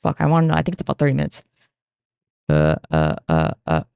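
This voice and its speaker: A woman's voice: extremely low pitch, fast, gravelly, smooth, no room sound. A young woman hosting her own podcast, rambling and swearing freely in a casual solo rant. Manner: swears a lot, rambling, animated. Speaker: podcast host.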